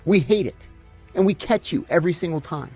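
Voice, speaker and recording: This middle-aged man, once an intelligence officer, answers interview questions with lively anecdotes and performs the quoted dialogue himself. He speaks a little high and a little fast, with a breathy edge, over soft background music.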